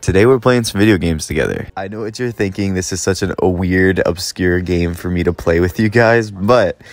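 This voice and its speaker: A man's voice: deep voice, brisk, no echo. A young man chatting casually over gameplay, self-deprecating and laughing often. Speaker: gaming vlogger.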